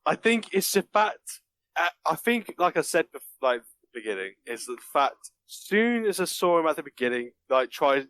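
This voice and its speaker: A man's voice: fairly high pitch, sing-song, moderate pace, fairly bright tone, clean tone. A man chatting casually on a podcast, laughing often and acting out movie lines in mock voices. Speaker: podcast guest reviewing a film. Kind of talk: casual chat.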